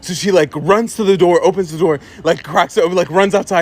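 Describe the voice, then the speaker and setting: A young man from Egypt telling a funny childhood story in a casual, animated way, laughing often. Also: high voice, quick pace. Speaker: social media storyteller.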